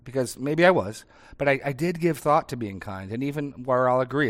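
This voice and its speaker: A man preaching in a conversational, animated way, acting out short dialogues as examples. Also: medium pitch, fairly quick. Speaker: pastor. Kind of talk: conversational sermon.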